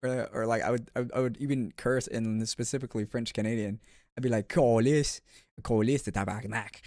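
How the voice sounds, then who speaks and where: A man's voice: medium pitch, steady tone, quick pace, darkish tone, no echo, clean studio sound. A man streaming and chatting casually with viewers, rambling with frequent restarts and filler words. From United States.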